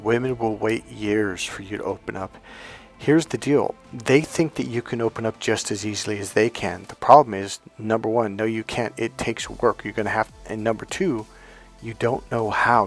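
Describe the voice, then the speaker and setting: A man's voice: lowish voice, steady tone, normal speed, creaky, faint music behind. A middle-aged man giving dating coaching and telling a personal story in an earnest, emphatic way, sometimes acting out what others said. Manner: earnest, emphatic, acts out quotes.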